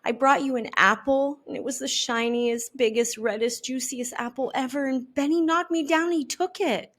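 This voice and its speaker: A woman voicing an eager, excitable young boy bug in a storybook. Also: normal speed. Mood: upset. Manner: high, eager childlike voice.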